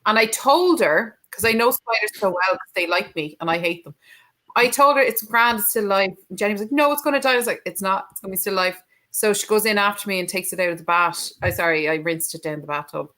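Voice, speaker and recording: A woman's voice: medium pitch, quick pace, pushed and bright. A woman co-host telling a story in a dry, matter-of-fact way. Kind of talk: casual chat.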